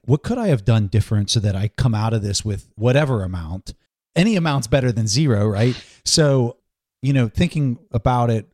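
A man hosting a podcast, asking relaxed questions and dropping in short remarks during an interview. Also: mid-range voice, no echo, studio quality. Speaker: podcast host. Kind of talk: casual interview.

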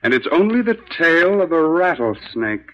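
An actor playing a young archaeologist who jokes and teases playfully, in 1940s radio acting. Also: male voice, on the high side, very animated, normal speed. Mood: wry. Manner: joking and playful. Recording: dull old radio broadcast.

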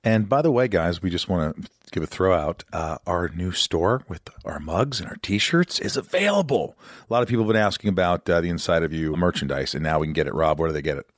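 A middle-aged man from the United States hosts a podcast in a casual, joking tone. His voice sits on the low side. The sound is dry and close to the mic. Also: a little fast, no room sound. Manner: joking, self-deprecating, animated. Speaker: podcast host. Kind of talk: casual interview chat.

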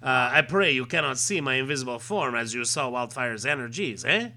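A man's voice: medium pitch, expressive, brisk, sharp tone. A man voicing a young male comic book hero with a playful, put-on French accent.

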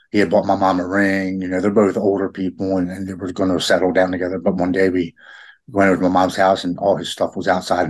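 A middle-aged man with a halting, heartfelt way of talking, often repeating words as he opens up in a personal conversation. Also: deep voice, husky. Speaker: podcast guest.

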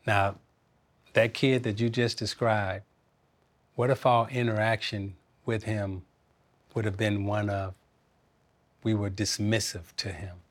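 A man's voice: on the low side, flat delivery, takes it slowly, pauses often. Reflective older man. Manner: earnest and reflective, laughs easily. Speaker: interview guest, former basketball player and coach. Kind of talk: casual interview talk.

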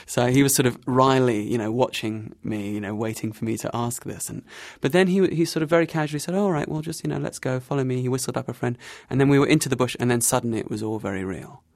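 A man interviewed about his travels, telling his story in an animated, wry way and laughing at himself. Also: medium pitch, quick pace, gravelly, few pauses, dry recording. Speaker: interview guest.

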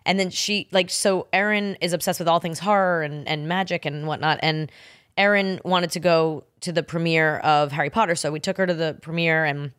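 A woman hosting a podcast, chatting casually and telling her own stories quickly. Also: low voice, steady tone, a bit bright, dry recording, studio quality. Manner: fast chatty storytelling. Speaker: podcast host. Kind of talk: casual chat.

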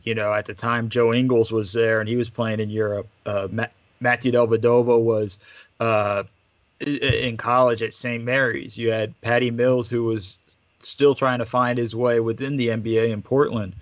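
Man, guest, easygoing storyteller, mid pitch, muffled dry sound. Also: moderate pace, no echo. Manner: relaxed, chatty, lots of fillers. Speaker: basketball staff guest. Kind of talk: casual storytelling.

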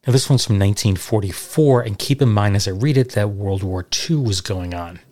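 A man's voice: on the low side, normal speed, darkish tone. A middle-aged man hosting a podcast, reading old letters aloud and adding chatty, dry, sarcastic asides. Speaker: podcast host.

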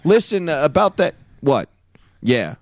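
Man playing a smug scheming army commander on the phone, offhand, mocking, lively delivery, dry close sound. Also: fairly high pitch, unhurried, no room sound. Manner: offhand, mocking, casual swearing.

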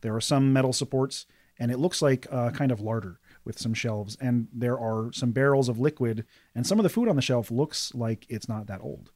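A man narrating a tabletop game as game master, describing scenes in a steady, detailed way. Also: mid-range voice, moderate pace, no echo.

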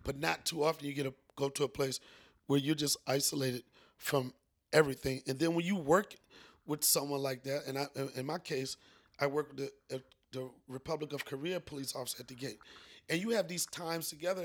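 A man's voice: a little high, fairly quick. A middle-aged man, a guest comedian, telling stories in a loose podcast chat and slipping into playful mock phrases. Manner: animated storyteller, slips into mock phrases and sing-song bits.

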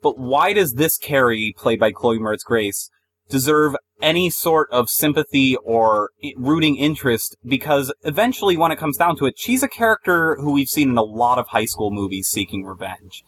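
A man's voice: mid-range voice, expressive, normal speed, a bit bright, a little hiss or hum, poor audio. A man reviewing films in a casual debate, arguing his point emphatically. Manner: argumentative, emphatic. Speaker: film reviewer.

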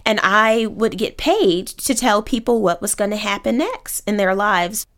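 A woman from Oakland telling a personal story in a vivid, animated way. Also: mid-range voice, measured pace, slight background noise. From Oakland, California.

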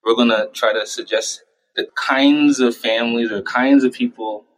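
A man in his thirties or so answers interview questions in an easy, conversational way. His pitch sits in an ordinary middle range, and he slips into quick voices to act out parents and himself. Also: fairly even intonation, fairly bright tone, a little hiss or hum, poor audio. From United States. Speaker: child and adolescent psychiatrist.

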